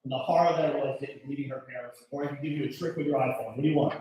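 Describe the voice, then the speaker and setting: A man doing a stand-up set, telling stories loudly with shouted punchlines and mimicked voices. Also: medium pitch, steady tone, racing, muffled recording. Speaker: stand-up comedian. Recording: echoey, distant live recording.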